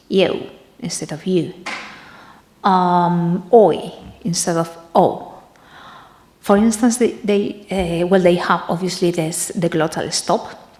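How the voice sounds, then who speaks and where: A woman giving an academic conference talk, in a halting way that often pauses to search for the next word. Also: on the low side, reverberant. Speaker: conference presenter.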